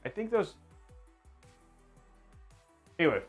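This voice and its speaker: A man's voice: a little high, very animated, takes it slowly, slightly rough, phone-quality sound, soft background music. A man hosting a livestream in casual chat, rambling and joking at his own expense. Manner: rambling, playful, self-mocking. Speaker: livestream host.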